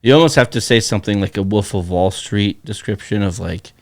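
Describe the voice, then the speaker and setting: A man co-hosting a podcast in casual chat, teasing and relaxed. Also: on the low side, a little fast, dry recording, clean studio sound. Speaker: podcast co-host. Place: Bismarck, North Dakota.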